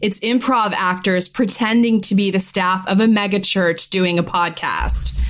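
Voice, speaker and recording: A woman's voice: medium pitch, steady tone, unhurried, fairly bright tone. A woman sitting in as guest cohost, chatting casually and engaged. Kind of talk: casual chat.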